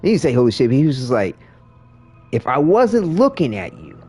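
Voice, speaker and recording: A man's voice: on the high side, huge pitch swings, normal speed, darkish tone, breathy edge, faint music behind. A man streaming a game, chatting casually with viewers in a rambling way, full of restarts and fillers. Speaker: livestreamer. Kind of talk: casual chat while gaming.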